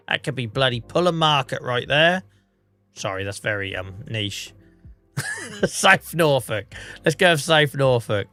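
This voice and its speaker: An English man rambles through a casual game livestream, poking fun at himself as he goes. He is under the weather and coughing, and his voice has a bright, forceful edge. Soft music plays faintly behind him. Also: mid-range voice. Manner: chatty, rambling, self-mocking. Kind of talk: casual gameplay commentary.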